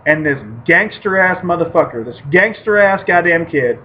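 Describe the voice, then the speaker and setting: A man's voice: high voice, normal speed. Casting: man, podcast co-host, swears through rowdy fight stories, lo-fi recording. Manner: profane animated storytelling. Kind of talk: casual podcast chat. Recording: muffled lo-fi with faint hiss.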